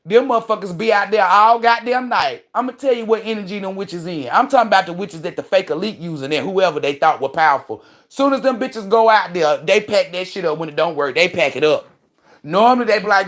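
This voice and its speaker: A woman's voice: medium pitch, animated, a little fast. A woman hosting a livestream, ranting casually in a profane, emphatic and preachy way. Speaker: livestream host and spiritual commentator.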